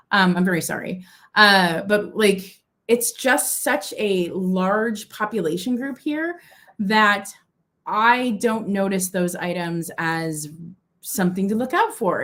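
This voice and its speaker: A woman's voice: mid-range voice, fairly bright tone. A young woman from Minnesota hosting a live-stream vintage auction, chatty and gushing, with lots of fillers and asides.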